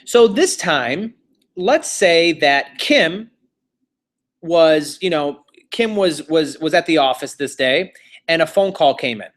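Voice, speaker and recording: Casual male real estate instructor, chatty and repetitive, voice on the higher side. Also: expressive, slow. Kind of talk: classroom lecture with storytelling.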